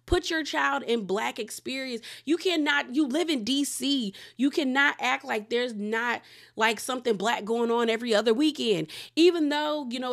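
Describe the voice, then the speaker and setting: A woman from the Washington DC area giving a chatty, opinionated recap of a reality show, her pitch jumping up when she gets excited. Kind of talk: casual recap commentary.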